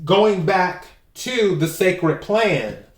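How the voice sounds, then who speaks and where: A man giving a spiritual oracle card reading to camera, talking in a slow, emphatic way and repeating his key phrases. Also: high voice, big pitch swings, roomy sound. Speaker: tarot and oracle card reader.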